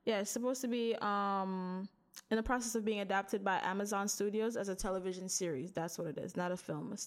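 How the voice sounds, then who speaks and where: A woman co-hosting a podcast in casual chat, animated, laughing often and swearing casually. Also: mid-range voice, brisk. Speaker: podcast co-host.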